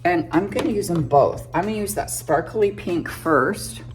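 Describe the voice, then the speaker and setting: A woman in her fifties with a notably low voice chats her way through a makeup tutorial, narrating every step as she goes. She is casual and a bit self-deprecating, and soft music plays faintly behind her. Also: expressive, normal speed. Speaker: beauty vlogger.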